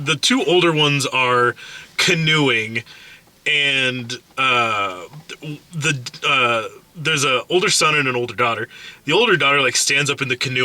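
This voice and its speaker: Male co-host, casual rambling film reviewer, swears freely, bright tone. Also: fairly high pitch. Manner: profane, rambling, mocks actors with whispered impressions. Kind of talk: casual chat.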